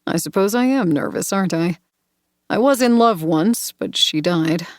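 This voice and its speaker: A woman reading the part of a charming but edgy young man in an audiobook, smooth and then suddenly intense. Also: on the low side, expressive, moderate pace, no room sound, natural voice.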